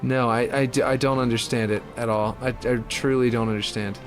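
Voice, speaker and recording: A man's voice: mid-range voice, fairly even intonation, a little fast, faint music behind. A man chatting casually and thinking aloud while he builds a game map, muttering when puzzled. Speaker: map builder streaming his work.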